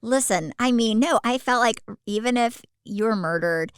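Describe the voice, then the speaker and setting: A woman's voice: fairly high pitch, moderate pace, clean tone, no room sound, studio quality. A woman co-hosting a podcast, chatting casually, rambling through asides and laughing often. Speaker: podcast co-host. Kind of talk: casual chat.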